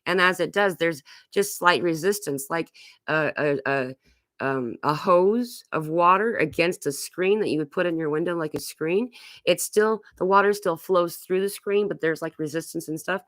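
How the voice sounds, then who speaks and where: A woman's voice: on the low side, normal speed, fairly bright tone, no echo, studio quality. A woman hosting a live online Q&A on spiritual topics, reading viewer comments aloud and talking in a rambling, casual way with many fillers.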